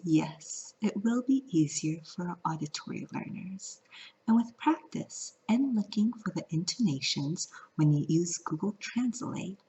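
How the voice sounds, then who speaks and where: A woman's voice: lowish voice, warm tone, breathy edge. A woman from California teaching a vlog lesson, playful and singing out the example tones. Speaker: Mandarin teacher. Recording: lo-fi audio.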